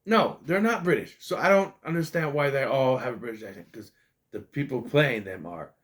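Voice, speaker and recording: A man's voice: mid-range voice, lively intonation, moderate pace. A man giving a casual spoken movie review, ranting in an exasperated way, swearing and rambling with restarts and stammers.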